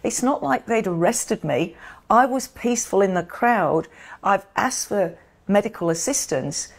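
A woman's voice: mid-range voice, expressive, measured pace, husky. A middle-aged woman from the UK, a guest in an interview, giving an earnest, emphatic personal account. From United Kingdom.

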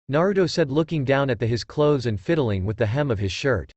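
A man narrating fan fiction in a steady, plain reading voice. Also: medium pitch, fairly quick, dry recording.

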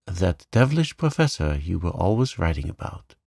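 A man's voice: sits low, sing-song, moderate pace, gravelly, a little mellow, dry recording, studio quality, full character voice. A man reading the part of a passionate, lovelorn young man in an audiobook, heated and desperate. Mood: fierce.

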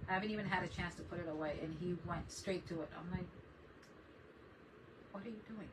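A woman's voice: lowish voice, fairly even intonation, quick pace. A woman hosting a casual craft live stream from her desk at home, chatting and laughing often as she greets viewers by name. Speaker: craft channel host. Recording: distant mic with faint background noise.

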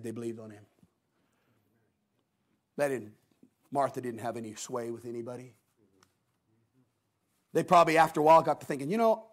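A middle-aged man preaching a Sunday evening sermon in a folksy, animated way, acting out quotes as he tells the story. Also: fairly high pitch. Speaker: guest preacher.

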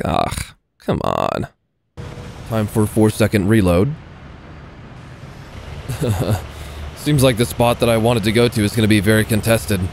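A man's voice: fairly low pitch, a little mellow, no room sound, studio quality. A man giving casual, swearing gameplay commentary as he plays, talking half to himself and half to viewers. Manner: muttering, swearing asides to viewers. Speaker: gaming video creator.

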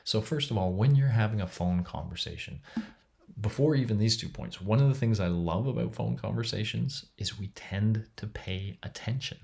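A man's voice: lowish voice, normal speed, gravelly. A middle-aged man giving a casual recorded lecture from home, talking in a conversational, rambling way. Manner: conversational, rambling with restarts and soft laughs.

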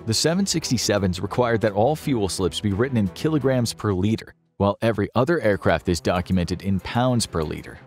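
Deep-voiced man narrating a tense story. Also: fairly quick, few pauses, faint music behind. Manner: steady dramatic storytelling. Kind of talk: scripted narration.

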